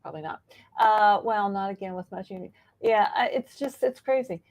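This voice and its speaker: A woman co-hosting a casual livestream, animated and teasing. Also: mid-range voice, a little fast. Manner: animated, laughs easily, teasing. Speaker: co-host.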